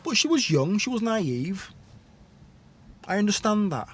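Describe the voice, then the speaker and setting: A man's voice: high-pitched, sing-song, measured pace, fairly bright tone, slightly rough. Candid man telling his story. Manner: candid, rambling, blunt, with dialect "were" and tag questions. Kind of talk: personal storytelling monologue.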